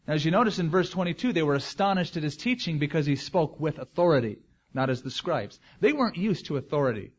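A man's voice: fairly high pitch, animated, fast, slightly rough, dull audio. A man as pastor, preaching a verse-by-verse expository sermon in a conversational way with joking asides.

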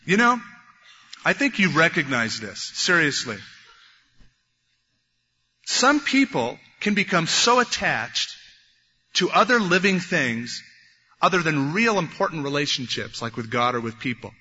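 A man preaching a sermon, animated, acting out the voices of biblical figures as he goes. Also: fairly high pitch, a little slow, long pauses, slightly rough. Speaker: pastor. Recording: dull lo-fi recording in a reverberant hall.

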